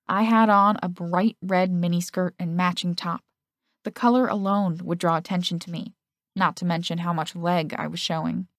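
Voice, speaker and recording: A woman narrating a first-person romance audiobook in a steady storytelling manner. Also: on the low side, moderate pace, no room sound, clean studio sound.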